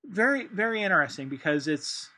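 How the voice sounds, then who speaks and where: A man's voice: high voice, sing-song, fairly quick, bright, forceful tone. Rambling man in casual discussion. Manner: thinking aloud with many fillers and restarts. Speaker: podcast co-host.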